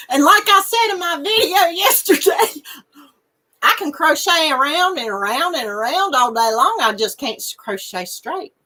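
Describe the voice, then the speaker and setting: A woman chats unhurriedly with her viewers, giggling and snorting between comments. Her voice is a touch high and bright. It swings up and down a lot as she talks. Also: lively intonation, measured pace. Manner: giggly, laughs and snorts often. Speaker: crochet channel host. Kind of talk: casual live chat reading viewer comments.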